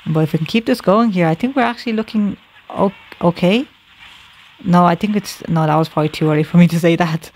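A man's voice: fairly high pitch, fairly even intonation, fairly quick, gravelly. A man giving live gameplay commentary, thinking aloud, correcting himself and talking to his viewers.

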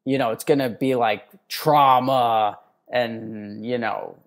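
A man co-hosting a podcast, telling stories in a loose, animated way, full of "like" and restarts. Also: medium pitch, takes it slowly, vocal fry. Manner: animated storyteller, heavy use of "like". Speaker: podcast co-host. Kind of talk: casual podcast chat.

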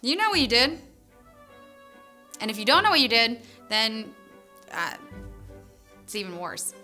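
A woman's voice: on the high side, big pitch swings, unhurried, sharp tone, faint music behind, heavily acted. A woman playing a tipsy, petulant female co-host in a comedy sketch, drawling and childishly indignant. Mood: sulky demanding. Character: tipsy, petulant female co-host who sulks and demands apologies.

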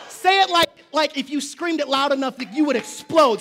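A man preaching from the pulpit with a high, bright voice that rings out over the congregation. He shouts call-and-response lines and mixes in casual, slangy jokes and asides. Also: normal speed, hardly any pauses. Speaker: pastor. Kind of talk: sermon. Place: church sanctuary.

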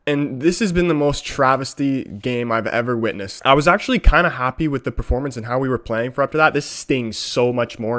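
A man reacting to a football match as it plays, talking straight to his viewers. He is a fan who rants with raw emotion. His voice sits at an ordinary male pitch. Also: a little fast, a bit bright.

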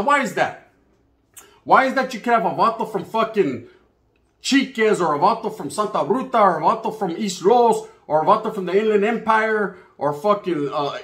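A man's high, fairly bright voice carries through an echoey room as he, the channel host, spins stories casually. His monologue is full of street slang and cursing, and he imitates the voices of others.

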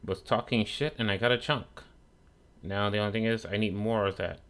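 A man's voice: on the low side, steady tone, normal speed, a bit bright. A young man giving casual, profane commentary while streaming a game, trash-talking the mobs that attack him. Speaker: gaming streamer.

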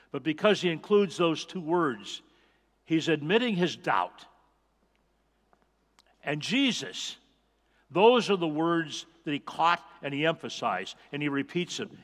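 A man's voice: on the high side, big pitch swings, unhurried, pauses often, a bit bright, in a large hall. A male pastor preaching a sermon, earnest and emphatic, repeating key phrases for weight. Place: church sanctuary.

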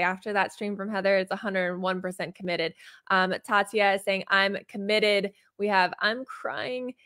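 A woman's voice: medium pitch, a bit bright, no room sound, studio quality. Bubbly woman reading out chat comments. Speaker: livestream co-host. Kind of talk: casual livestream chat.

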